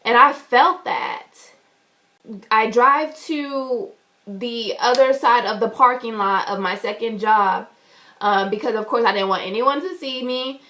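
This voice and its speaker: A woman vlogger telling an animated, indignant story to the camera. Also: on the high side, unhurried. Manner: animated, indignant, acts out quotes loudly. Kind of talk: storytime vlog.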